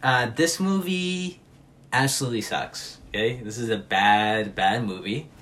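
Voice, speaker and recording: A man's voice: medium pitch, measured pace. A man co-hosting a podcast, chatting casually and sarcastically about bad movies. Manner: sarcastic, animated storytelling. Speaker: podcast co-host. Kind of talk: casual movie review chat.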